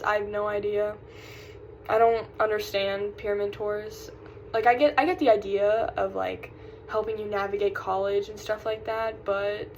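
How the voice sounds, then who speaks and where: Poor audio with a little hiss or hum captures a young woman vlogger chatting casually at medium pitch. She's from South Carolina and has a light Southern accent. Her talk is rambling and distracted, punctuated by sighs and lost trains of thought.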